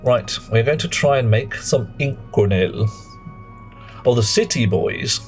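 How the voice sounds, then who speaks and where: A man's voice: mid-range voice, animated, a little slow, soft background music. A man streaming a game, chatting in a rambling, self-mocking way. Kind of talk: live gameplay commentary and chat.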